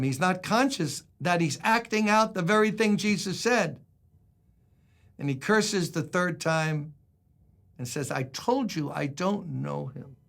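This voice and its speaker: A man's voice: on the high side, fairly bright tone. An older man, a pastor, giving a devotional sermon in a conversational style, acting out quoted lines with dramatic emphasis.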